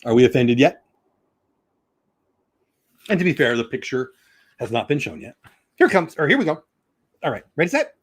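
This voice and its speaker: A man's voice: mid-range voice, big pitch swings, moderate pace, long pauses, slightly rough. A man hosting a casual vlog, chatting and reading a children's book aloud with a sing-song rhythm. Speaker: channel host.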